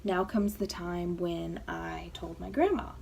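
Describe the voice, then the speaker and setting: A woman's voice: lowish voice, a little slow, creaky, slight background noise. A young adult woman telling a storytime vlog, chatty and full of fillers, acting out quotes. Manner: chatty, filler-heavy, animated quoting. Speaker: vlogger. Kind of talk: casual storytime.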